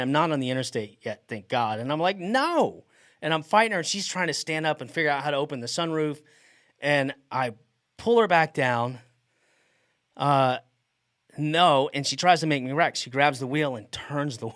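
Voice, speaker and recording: A man's voice: medium pitch, dry recording. Man telling a wild story, dry sound. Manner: animated, laughs often mid-sentence. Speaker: podcast host. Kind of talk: casual storytelling.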